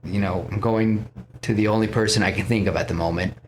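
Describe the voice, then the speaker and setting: A man's voice: lowish voice, fairly even intonation, a little fast, a little hiss or hum, lightly acted. A man voicing a weary young thunder god with a plain, earnest delivery.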